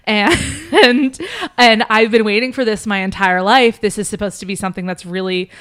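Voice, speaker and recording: A woman's voice: mid-range voice, fairly even intonation, moderate pace, fairly bright tone, clear, resonant tone, lightly acted. A woman voicing an exasperated young wizard. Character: anguished young wizard man torn by fate.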